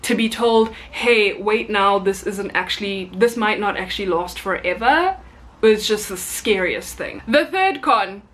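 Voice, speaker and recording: A woman's voice: a little high, a bit bright. A young South African woman, a flight attendant, talking casually to camera with chatty, apologetic asides.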